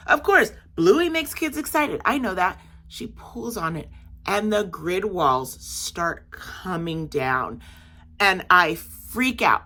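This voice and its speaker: Chatty woman vlogger, bright tone. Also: lowish voice. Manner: animated, chatty storytelling with many fillers. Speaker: market vendor vlogger. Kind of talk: casual storytelling vlog.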